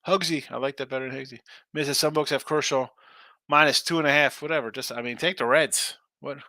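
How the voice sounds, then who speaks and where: In a dry, studio-quality recording, a man with a medium-pitched voice and fairly even intonation speaks in a bright, forceful tone. He hosts a sports betting show, reading viewer comments on a casual live stream and chatting with sarcasm. His manner is brash and fast-talking.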